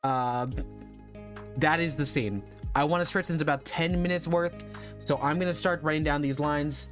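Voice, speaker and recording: Rambling, slightly high-voiced male streamer. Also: fairly even intonation, moderate pace, fairly bright tone, faint music behind. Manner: rambling, thinking aloud while typing. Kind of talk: casual livestream chat.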